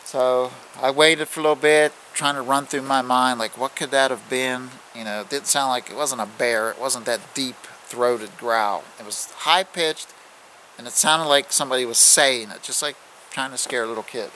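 A man's voice: mid-range voice, steady tone, pushed and bright, slight background noise, rough recording. Plain-spoken man telling a scary tale. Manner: plain-spoken, halting with restarts, acting out growls. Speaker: outdoors channel host. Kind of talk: casual spoken storytelling.

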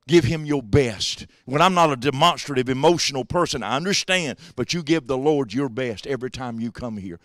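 A man preaching a sermon as pastor, swinging between quiet asides and shouted exhortations. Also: mid-range voice, fairly quick, few pauses, dry recording, studio quality. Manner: swings from hushed to shouting, drawling preacher cadence. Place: church sanctuary.

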